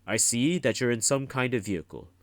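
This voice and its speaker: A man's voice: medium pitch, a little fast, no room sound, clean studio sound, voice pushed up, natural voice. A man voicing a stern older male wizard teacher who scolds his apprentices in a commanding, reproachful way. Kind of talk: audiobook reading.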